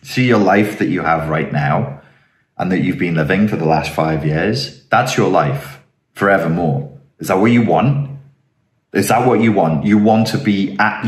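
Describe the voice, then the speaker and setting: Low-voiced man musing in a roomy space. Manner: earnest, digressive, rising to emphatic rhetorical questions. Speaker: philosophy channel host. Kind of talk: reflective monologue. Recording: roomy echoing room.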